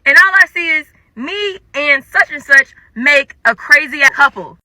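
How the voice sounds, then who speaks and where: A young woman telling a personal story in a casual storytime, animated and dramatic, acting out the quotes. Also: high voice, measured pace, no room sound. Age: young adult.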